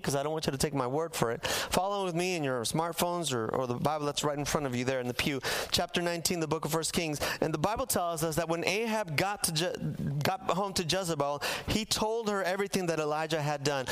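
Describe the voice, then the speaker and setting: A man's voice: fairly high pitch, fairly bright tone, clear, resonant tone. A man preaching a sermon in a church, telling a Bible story with humor and acting out the characters' lines for the congregation. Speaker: pastor. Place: church sanctuary.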